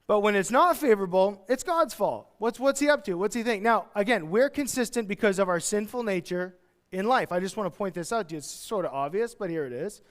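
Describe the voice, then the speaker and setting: High-voiced man preaching in a hall. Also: a little fast. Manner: animated, acts out everyday voices. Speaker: pastor. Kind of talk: expository sermon. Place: church.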